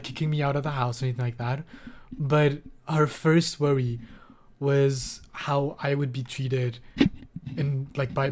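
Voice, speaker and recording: A young man streaming live, telling a personal story in a rambling, emotional way with many fillers and restarts, close to tears. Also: mid-range voice. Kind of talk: casual livestream storytelling.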